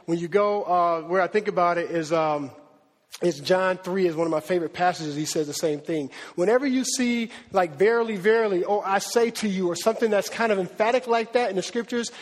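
Preacher, male, high voice, slangy and animated, long hall reverb. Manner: conversational, slangy, rising to an animated pitch. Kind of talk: sermon.

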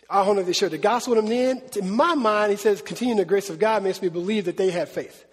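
A man with a high, slightly husky voice preaches in a relaxed, conversational way, slipping into quoted voices and laughing as he goes. His voice carries the long reverb of a large hall. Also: fast, few pauses. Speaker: pastor. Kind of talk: sermon.

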